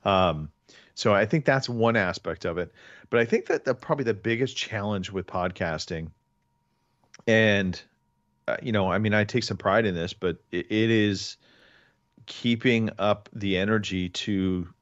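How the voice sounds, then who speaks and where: A man's voice: lowish voice, a little slow, dry recording, lo-fi sound. A man hosting a podcast, chatting casually in a rambling way with many restarts. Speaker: podcast host. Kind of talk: casual chat.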